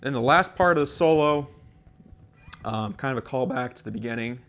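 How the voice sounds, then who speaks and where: A man with a medium-pitched voice, speaking at normal speed, walks through a guitar solo in a casual lesson. The guitar teacher rambles with lots of fillers and restarts and sounds a bit out of breath.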